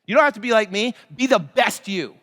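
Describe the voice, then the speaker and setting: A man revs up a live crowd at a seminar, pitching his voice high and swinging it all over. His tone is bright and punchy, and he keeps breaking into shouted chants. A long reverb from the big hall trails every line. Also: animated, brisk. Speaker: motivational speaker. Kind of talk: live motivational seminar speech. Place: large event hall.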